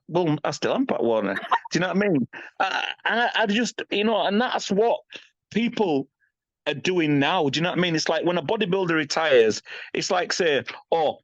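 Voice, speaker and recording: Speaking briskly and expressively in a high-side voice, this fifties-aged man is a podcast guest giving a frank interview. He's emphatic and blunt, swearing freely and often adding "you know what I mean." There's no echo, and the audio is slightly dull and lo-fi.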